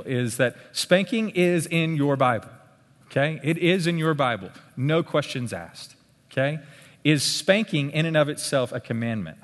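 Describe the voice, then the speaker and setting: A man giving a conversational live talk at a church parenting workshop, often checking in with his listeners with a quick "okay?". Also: mid-range voice. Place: meeting room with tables. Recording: long hall reverb in a big room.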